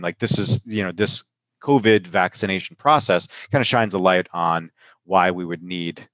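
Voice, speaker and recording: A pharmacist hosts a casual podcast chat while run down with a sinus infection, speaking loosely, laughing, and often asking "right?" His voice sits low and a bit bright in a dry recording.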